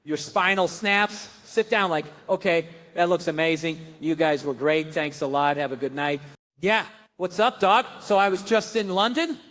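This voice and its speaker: A man's voice: fairly high pitch, moderate pace, fairly bright tone. A man doing a stand-up comedy set, grumbling sardonic rants and acting out other people's voices.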